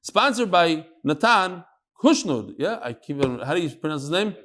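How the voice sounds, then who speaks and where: A man's voice: a little high, very animated, moderate pace, fairly bright tone. A man teaching a Talmud class to a room of listeners, joking in asides between readings of the text. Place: classroom with live audience.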